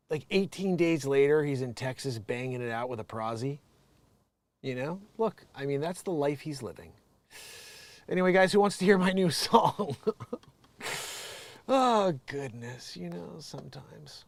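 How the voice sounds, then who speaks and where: Rambling sarcastic man, higher voice. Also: animated, a little slow, gravelly, pauses often, no room sound. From United States. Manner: sarcastic, rambling, laughs often, mocks with put-on voices. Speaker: show host. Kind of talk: casual ranting commentary.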